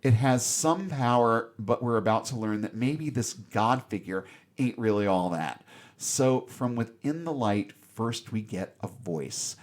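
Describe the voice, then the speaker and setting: A man's voice: medium pitch, expressive, unhurried. Wry, sarcastic male podcast co-host. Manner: wry, sarcastic retelling with mock asides. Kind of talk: casual film review chat.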